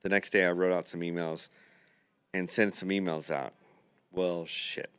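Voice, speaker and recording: A man's voice: deep voice, fairly even intonation, measured pace, a bit bright, clean tone, dry recording. A man hosting a podcast, telling a long rambling anecdote full of quoted dialogue in a casual chat. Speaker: podcast host, dental builder.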